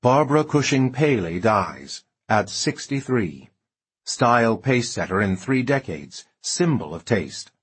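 Husky male audiobook narrator. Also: mid-range voice, unhurried. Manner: expressive, lingering over lush description.

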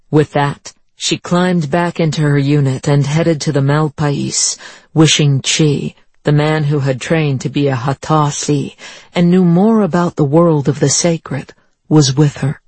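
An audiobook narrator reading a police story in an even, steady manner. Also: mid-range voice, measured pace, husky, no room sound. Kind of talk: scripted narration.

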